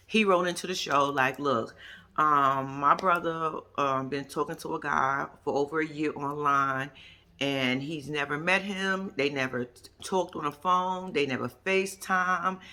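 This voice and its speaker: A man recapping a TV show to his viewers in lively casual chat, acting out what people said and laughing often. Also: on the high side. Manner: animated storytelling, acts out quotes in exaggerated voices, laughs often; playful slang, addresses viewers as y'all and baby.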